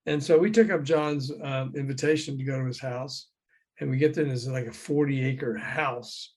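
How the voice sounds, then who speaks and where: Older man telling lively stories. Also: mid-range voice, normal speed. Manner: lively, acts out quoted voices, chuckles often. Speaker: guest, former record promoter. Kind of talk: anecdotal storytelling in a conversation. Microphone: remote call.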